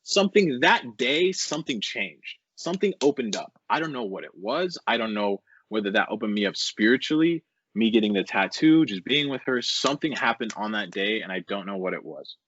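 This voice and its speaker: A young man talking as a podcast guest, telling a rambling, animated story full of swearing and filler words. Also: fairly low pitch, fairly quick, few pauses, husky. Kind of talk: casual storytelling interview. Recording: dull, dry lo-fi recording.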